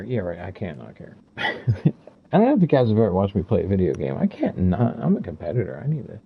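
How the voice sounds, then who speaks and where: A man's voice: deep voice, huge pitch swings, brisk, vocal fry, lo-fi sound. A talkative man in his fifties chatting casually over gameplay as a streamer, rambling from story to story and laughing often. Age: 50s. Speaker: gaming streamer.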